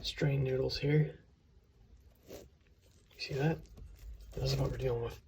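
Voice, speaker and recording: A man's voice: mid-range voice, fairly even intonation, measured pace, noisy background. A man hosting a casual cooking video in his home kitchen, rambling, correcting himself often and sometimes dropping to a whisper. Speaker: cooking channel host. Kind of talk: casual cooking ASMR chat.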